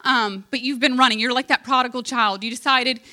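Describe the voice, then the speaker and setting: A woman giving a sermon in a bright, forward voice pitched a touch high. She tells a story with heartfelt, earnest emotion and plain conversational asides. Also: fairly even intonation, brisk. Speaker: preacher.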